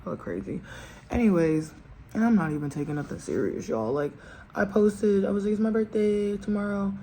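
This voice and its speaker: A woman's voice: medium pitch, brisk, slight background noise, rough recording. A woman vlogging at home with her camera propped up, ranting casually and talking straight to her viewers with slang and laughs. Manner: lively, laughs while ranting. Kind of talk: casual chatty vlog storytime. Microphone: camera propped in front.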